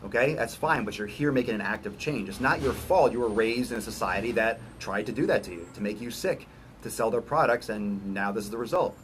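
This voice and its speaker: A man's voice: medium pitch, slight background noise. A man working as a fitness coach, chatting casually as he answers viewer questions, blunt and profane with joking asides.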